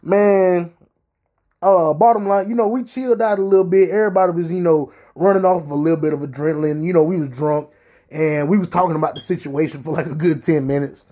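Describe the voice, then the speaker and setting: Young dude on his podcast, highish mellow voice, cussing a lot, super animated storytelling. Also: fairly quick. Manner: animated, profane, slangy storytelling. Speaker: podcast host. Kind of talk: casual storytelling.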